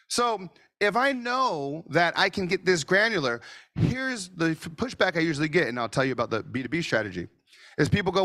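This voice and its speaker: Animated American man teaching marketing. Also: a little high, brisk, no echo, clean studio sound. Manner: animated, swings up to near-shouting for emphasis. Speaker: marketing masterclass presenter. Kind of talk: energetic webinar teaching. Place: office studio. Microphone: video call.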